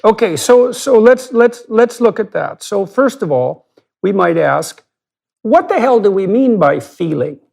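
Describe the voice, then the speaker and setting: A man's voice: sits high, animated, a little slow, creaky, darkish tone. A man hosting a long-form podcast conversation, talking emphatically and building his argument step by step with rhetorical questions. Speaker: podcast host.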